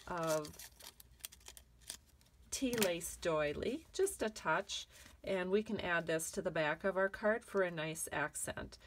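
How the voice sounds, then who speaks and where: A woman's voice: medium pitch, a little hiss or hum. A woman demonstrating a card-making technique in a tutorial, chatty and encouraging as she works through each step. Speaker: craft demonstrator.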